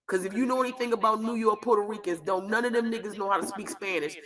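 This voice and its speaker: A woman comedian on a live stream, telling a loud, profane, rambling story. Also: medium pitch, quick pace.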